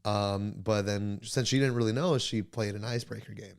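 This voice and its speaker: A young man co-hosting a podcast in casual chat, a bit hoarse, laid-back, swearing often and laughing a lot. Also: fairly low pitch, steady tone, brisk. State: hoarse from laryngitis. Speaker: podcast co-host.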